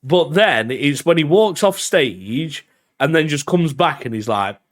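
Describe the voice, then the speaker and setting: A man's voice: fairly high pitch, lively intonation, measured pace. A man co-hosting a podcast in casual chat, laid-back and sweary, who laughs often. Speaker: podcast co-host.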